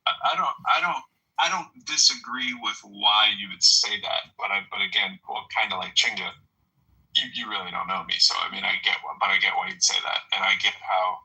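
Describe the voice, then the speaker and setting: A man's voice: lowish voice, fairly quick, sharp tone, rough recording. A man moderating a casual audio chat room, dry and hesitant, with lots of filler words.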